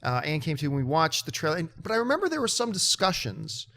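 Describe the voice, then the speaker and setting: Male host, high voice, lively storyteller, casual chat. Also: quick pace. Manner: animated storytelling, mimics others in high excited voice. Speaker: show host.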